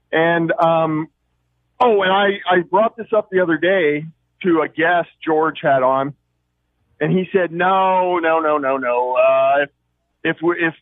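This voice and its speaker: A man's voice: fairly high pitch, no room sound. Earnest male caller on a tinny phone line. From Oregon, USA. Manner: earnest, rambling. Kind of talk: phone-in call.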